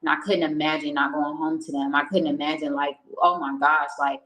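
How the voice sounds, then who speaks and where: A woman's voice: deep voice, little pitch movement, fairly quick, bright, forceful tone, poor audio. A young woman streaming to her viewers, telling a personal story in a candid, emotional way, swearing freely and speaking. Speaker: streamer recounting a personal experience. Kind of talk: casual chat with viewers. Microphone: home streaming setup.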